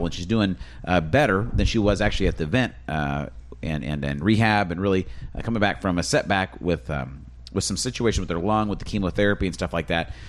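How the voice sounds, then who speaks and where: A man hosting a casual podcast, talking in an upbeat, rambling way with frequent restarts. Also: low-pitched. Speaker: podcast host.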